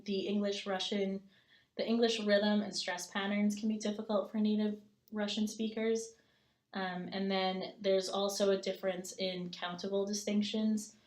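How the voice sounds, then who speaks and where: A woman's voice: medium pitch, reverberant. A woman giving a recorded class presentation, explaining step by step with frequent "um" fillers and reading example sentences aloud. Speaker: student presenter.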